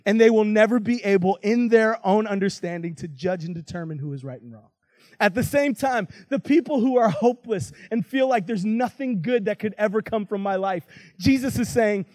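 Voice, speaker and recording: A man's voice: high-pitched, expressive, normal speed, a little mellow, dry recording. A man giving a sermon as a guest preacher, telling a story in a conversational way with casual asides.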